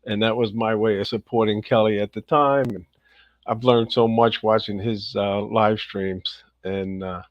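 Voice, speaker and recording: A man's voice: on the low side, a little slow, no room sound. A man hosting a casual livestream, upbeat and chatty, greeting viewers one by one. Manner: upbeat, greets viewers by name in a lively rising voice. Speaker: livestream host. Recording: dull, slightly lo-fi dry sound.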